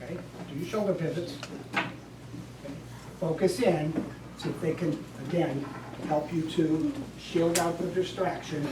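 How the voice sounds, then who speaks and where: A woman's voice: on the low side, noisy background. Woman teacher coaching a class. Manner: directive, coaching a group through steps. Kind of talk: classroom instruction. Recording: echoey classroom from far off.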